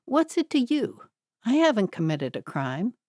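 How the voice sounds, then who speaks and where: A woman voicing a shifty, menacing young man who turns defensive and talks faster when cornered. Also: on the high side, very animated, a little mellow, no room sound, clean studio sound, pitched above the performer's own voice.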